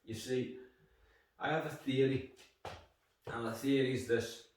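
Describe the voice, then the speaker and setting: A man's voice: mid-range voice, fairly even intonation, measured pace, far from the mic, slight background noise. A man with a Liverpool Scouse accent reviewing a beer in rambling, jokey, sweary chat. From Liverpool, England. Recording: echoey room, voice off-mic.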